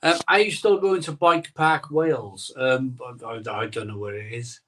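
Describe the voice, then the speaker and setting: Middle-aged man, casual live-stream host, rambling, sentimental, mid-pitched, a bit far from the mic. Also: fairly even intonation, normal speed, a bit bright, slight background noise. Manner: rambling, sentimental, reads chat comments aloud.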